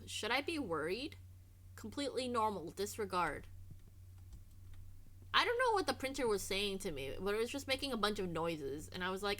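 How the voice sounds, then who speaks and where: A woman's voice: medium pitch, big pitch swings, moderate pace, a bit bright. A woman streamer chatting casually over gameplay, rambling and trailing off into restarts.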